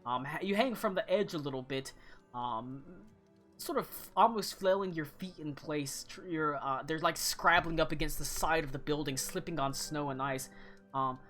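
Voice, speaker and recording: A man's voice: a little high, normal speed, soft background music. Hesitant man running a tabletop game. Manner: relaxed, hesitant, lots of fillers. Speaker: game master.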